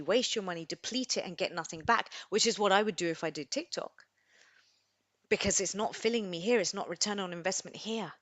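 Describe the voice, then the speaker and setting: A woman talks off the cuff on a live stream, rambling and expressive, with tears close to the surface. Her voice sits at a middling pitch. The sound is dry and close. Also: no echo. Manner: rambling, expressive, self-deprecating. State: tearful, emotional. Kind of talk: unscripted live stream talk.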